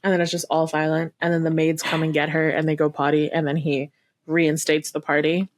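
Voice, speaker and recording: A woman co-hosting a podcast in casual chat, animated and swearing freely as she acts out movie lines. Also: low-pitched, a little fast. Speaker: podcast co-host.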